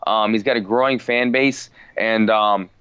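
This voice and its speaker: A man guest on a podcast, chatting casually, relaxed, repeating words and saying "man" a lot. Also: lowish voice, a little slow, clear, resonant tone, dry recording, dull audio. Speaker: guest fighter. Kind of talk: casual interview chat.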